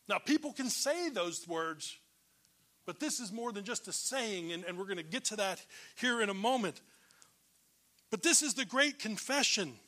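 Bright, high-voiced man preaching a sermon. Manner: emphatic, swings between loud declarations and hushed low lines. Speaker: pastor.

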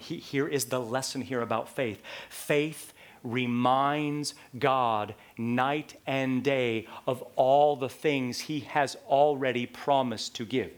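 A pastor preaches a sermon in a medium-pitched voice, dropping to near-whispers and then rising to fervent shouts. He frequently poses rhetorical questions to his listeners.

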